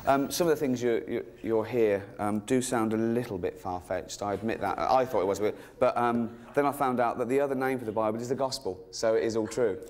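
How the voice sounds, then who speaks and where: English male comic, mid-range voice, mock-serious stand-up with excited bursts, noisy live room with laughter behind. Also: mid-range voice. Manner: mock-earnest, halting with ums, bursts into giddy excitement. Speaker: stand-up comedian. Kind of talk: stand-up comedy routine. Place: live comedy stage.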